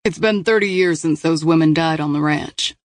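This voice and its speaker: A man voicing a male investigator who reasons through a case in a measured, deliberate way. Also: fairly high pitch, no room sound, close to an everyday voice. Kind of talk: audiobook dialogue reading.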